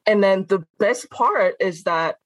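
A woman from Benin, a guest on an interview podcast, chatting casually and telling animated stories with frequent laughs. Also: medium pitch, measured pace, dry recording, low-quality recording. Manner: animated, laughs often, acts out quoted voices. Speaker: guest, food content creator. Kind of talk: casual conversational storytelling.

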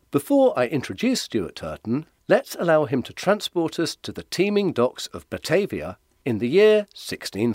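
Male host from England, animated intonation, dry close mic. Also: medium pitch, no echo. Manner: articulate, lively presenter delivery. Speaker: podcast host and interviewer. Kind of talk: scripted introduction and interview.

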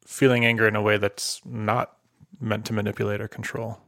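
A man's voice: on the low side, flat delivery, fairly quick, a bit bright, dry recording, studio quality. A man interviewing a guest with short, probing follow-up questions.

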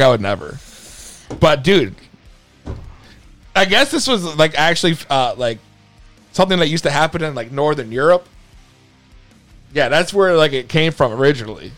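Bright high-voiced man hosting a call-in podcast. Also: very animated, normal speed, long pauses, faint music behind. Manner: laughing, slangy, swears casually. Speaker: podcast host taking calls. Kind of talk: casual chat.

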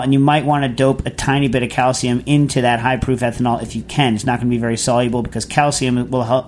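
A man's voice: mid-range voice, a little mellow, slight background noise. A man hosting a cooking radio show, talking casually and rambling through technical explanations with many restarts. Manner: rambling, self-correcting, digressive. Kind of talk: casual unscripted radio talk.

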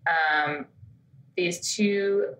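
Chatty woman podcaster, bright voice. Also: fairly low pitch, drawn-out words, echoey room, rough recording. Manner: chatty, storytelling with quoted asides. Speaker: podcast co-host. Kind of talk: casual chat.

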